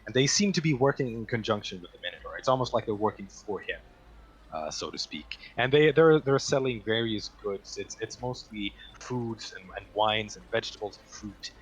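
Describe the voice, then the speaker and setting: A man narrating a tabletop game as game master in a relaxed, descriptive way. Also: fairly low pitch, moderate pace, breathy edge.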